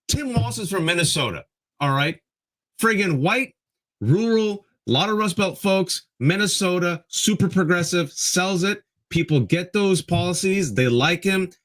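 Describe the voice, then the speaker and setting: A man's voice: sits high, animated, measured pace, a bit bright. Fired-up male political co-host. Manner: ranting, mocking voices of politicians. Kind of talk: heated political commentary.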